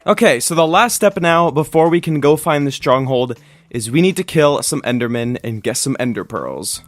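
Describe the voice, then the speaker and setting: A man's voice: fairly high pitch, animated, normal speed, faint music behind. A young man giving casual, upbeat let's-play commentary on his game, with dramatic reactions. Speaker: gaming YouTuber.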